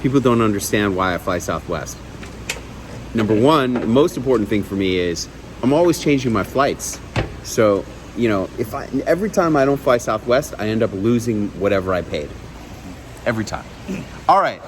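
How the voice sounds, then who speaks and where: A man coaching outdoors by a waterfall, giving emphatic, direct instructions and slowly demonstrating lines. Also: fairly low pitch, lively intonation, noisy background. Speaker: media coach. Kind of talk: hands-on coaching session.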